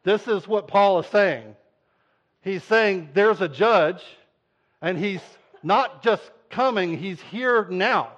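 A man preaching a sermon, telling a story in an animated way and acting out voices. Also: high-pitched, slow pace. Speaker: pastor. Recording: dull lo-fi sound.

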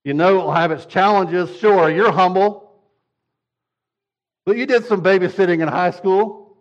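A man's voice: high-pitched, a little slow. A father and preacher telling humorous stories in a sermon, acting out scenes with swinging energy. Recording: dull lo-fi recording.

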